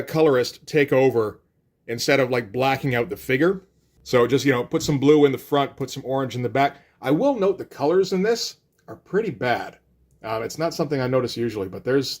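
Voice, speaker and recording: A middle-aged man reviews comic books in a loose, casual commentary. His voice sits a little high for a man, and he wanders through wry, offhand asides as he talks.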